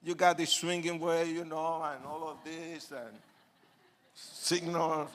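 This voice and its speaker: An older man with a Puerto Rican Spanish accent, a native Spanish speaker, telling his testimony as a preacher, animated, acting out quotes and moving from soft asides to shouting. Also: fairly high pitch, takes it slowly, slight background noise. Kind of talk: sermon testimony storytelling.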